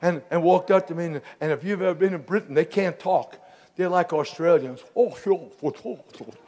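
A man preaching a sermon as a bishop, telling funny stories that build to loud exclamations. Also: a little high, fairly quick, big-room sound.

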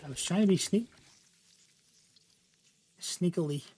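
A man giving casual gameplay commentary as a channel host, chatty and self-deprecating, quick to apologize for his slips. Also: sits high, a little mellow, breathy edge.

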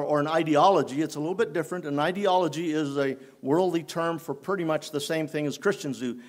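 Pastor man giving a sermon in church, kinda high voice, slow and halting, lots of restarts. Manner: unhurried, halting delivery with many restarts.

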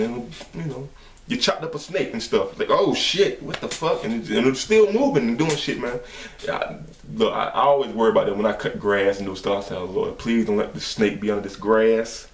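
Profane excitable man, echoey room. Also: mid-range voice, distant mic. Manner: profane, excitable, shouts and laughs at clips. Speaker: reaction video host. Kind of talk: casual reaction commentary. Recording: echoey room, voice off-mic, faint noise.

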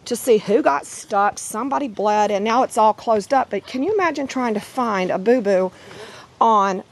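A woman with a hoarse voice from laryngitis, rambling in a casual vlog and slipping into sing-song baby talk with her puppies in an outdoor yard. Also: on the high side, moderate pace. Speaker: dog breeder.

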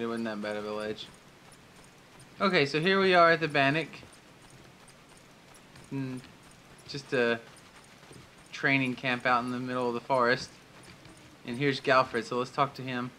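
A man's voice: medium pitch, level tone, normal speed, long pauses, sharp tone, slight background noise, rough recording. A man giving casual, playful commentary while playing a video game. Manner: casual and playful, reads game text aloud. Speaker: gamer. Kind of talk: let's-play commentary.

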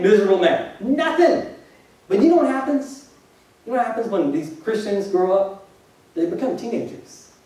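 High-voiced preacher in an echoey hall. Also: male voice. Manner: conversational, jokey preaching with rhetorical questions to the congregation. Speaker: pastor. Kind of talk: sermon. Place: church hall. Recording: echoey hall, distant mic.

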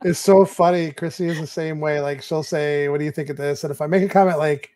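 A man's voice: on the high side, steady tone, quick pace, warm tone. A man chatting on a live stream, telling stories animatedly and slipping into playful quoted lines. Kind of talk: casual live-stream chat.

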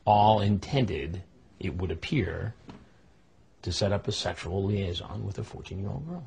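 A man conducting a confrontational news interview, asking calm, measured, pointed questions. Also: low-pitched, vocal fry.

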